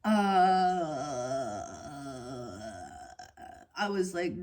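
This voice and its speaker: A woman's voice: mid-range voice, slow. A woman giving a casual tarot reading to her viewers, rambling and frank, going off on tangents. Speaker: tarot reader.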